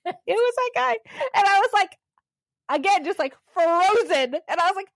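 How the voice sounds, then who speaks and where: A high-voiced woman in her forties with a very lively pitch that leaps up and down as she tells a story. She laughs often and talks in an easy, casual way. The recording is close and dry. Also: moderate pace, no echo. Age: 40s. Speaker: podcast co-host. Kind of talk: casual chat.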